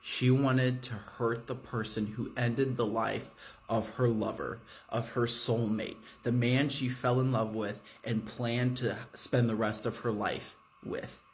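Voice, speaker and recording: A man's voice: medium pitch, flat delivery, slow pace, slight background noise. A man narrating a horror story in a casual, swearing storytime manner, speaking from a hotel room. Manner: casual, swearing, fillers like 'you know'.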